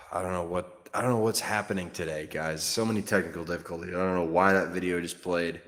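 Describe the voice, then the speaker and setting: A man's voice: sits low, fairly even intonation, fairly quick, a bit bright, long reverb tail. A man hosting a solo sports show, talking in a frank, offhand way with fillers and some mild cursing. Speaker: sports podcast host. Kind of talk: casual solo sports commentary.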